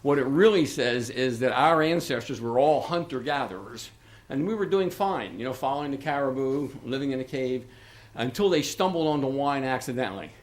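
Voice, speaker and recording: A man's voice: medium pitch, lively intonation, brisk. Chatty older man, echoey meeting room. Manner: rambling, chatty, with frequent restarts and asides. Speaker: local author addressing township committee. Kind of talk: informal public remarks at a meeting.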